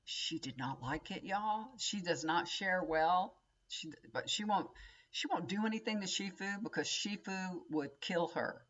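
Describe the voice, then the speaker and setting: A woman's voice: lowish voice, unhurried, a bit bright, highs cut off. A woman chatting casually to her viewers, rambling, folksy and full of asides. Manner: chatty, folksy, addresses viewers as y'all, frequent laughs and asides. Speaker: tarot reader and vlogger. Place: home.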